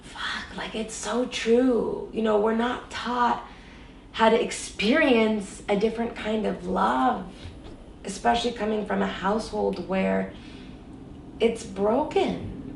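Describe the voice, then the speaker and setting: A woman's voice: medium pitch, steady tone, normal speed, vocal fry, far from the mic, slight background noise. A woman guest in an interview, candidly telling a personal story with emotion and many fillers, in an echoey room set back from the mic.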